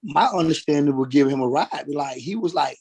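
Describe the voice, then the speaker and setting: A man testifying as a witness in a courtroom, halting and repeating words as he goes. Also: a little high, darkish tone, slightly rough. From Atlanta, Georgia, US.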